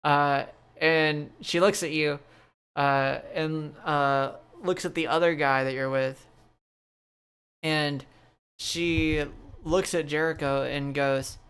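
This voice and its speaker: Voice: medium pitch, fairly even intonation, slow pace, a bit bright, clear, resonant tone. A game master narrating a tabletop game in a casual, rambling way with many fillers.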